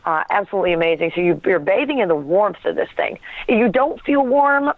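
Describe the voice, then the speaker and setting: Woman guest, lively storyteller who acts out dialogue, heard over a thin phone line. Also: mid-range voice, fairly quick, no echo. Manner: animated storytelling with laughs and acted quotes. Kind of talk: telling a personal story.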